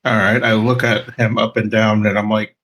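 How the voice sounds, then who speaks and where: A man's voice: fairly low pitch, flat delivery, moderate pace, fairly bright tone. A man playing in a tabletop game, talking casually and hesitantly as he thinks aloud. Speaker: player.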